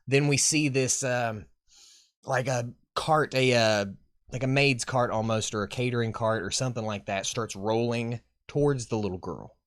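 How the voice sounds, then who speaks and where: A man's voice: medium pitch, fairly bright tone. A man hosting a live chat, recapping a horror movie in a sarcastic, exasperated way that is full of swearing. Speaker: horror movie reviewer and host.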